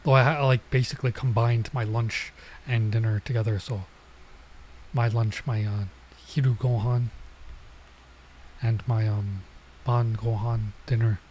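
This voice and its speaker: A man on a casual live stream reading a manga and translating it, halting and explaining as he goes. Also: medium pitch, fairly even intonation, a little mellow, a little hiss or hum, poor audio.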